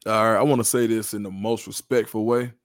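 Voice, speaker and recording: Fairly fast and somewhat low-pitched, this man's voice comes through clean studio audio without any room sound. Appearing as a guest analyst on a podcast, he walks through football recruiting with assurance, sharp analysis, and lively storytelling.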